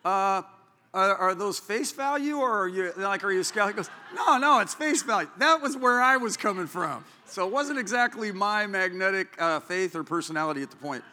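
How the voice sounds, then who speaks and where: A man preaching a sermon as pastor, telling a story in an animated, excitable way. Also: high-pitched, normal speed. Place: church. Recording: echoey church hall.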